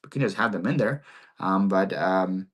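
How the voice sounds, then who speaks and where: Hosting a relaxed seller Q&A on livestream, a man with a somewhat low voice stumbles along, restarting sentences and doubling up on words. Ukraine is his birthplace, Philadelphia is where he was raised, and his accent reflects the latter.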